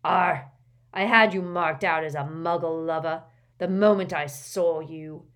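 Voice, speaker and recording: A woman puts on a filthy old man full of contempt, snarling and sneering as he threatens his family. His voice sits low and heavy. It is an audiobook figure read with plain menace. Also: animated, measured pace, slightly rough, exaggerated voice.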